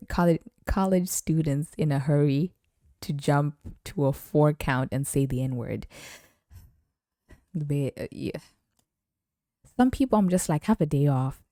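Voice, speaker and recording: Low-voiced woman, chatty podcast host. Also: dark tone, no room sound, clean studio sound. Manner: chatty, laughs often, reads lyrics aloud slowly. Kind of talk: casual chat about rap lyrics.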